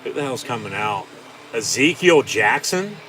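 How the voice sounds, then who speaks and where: A man's voice: medium pitch, very animated, unhurried, sharp tone, a little hiss or hum. A man hosting a live watch-along, giving profane, sarcastic, exasperated reaction commentary.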